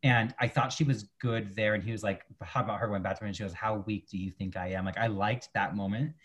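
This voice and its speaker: Fast-talking husky man reviewing TV. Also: on the low side. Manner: rambling, restarts often, animated retellings. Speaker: podcast co-host. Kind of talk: casual chat reviewing TV.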